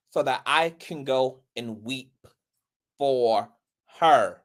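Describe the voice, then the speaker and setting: A man hosting a gossip commentary channel, speaking theatrically with mocking pity and dramatic pauses. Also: mid-range voice.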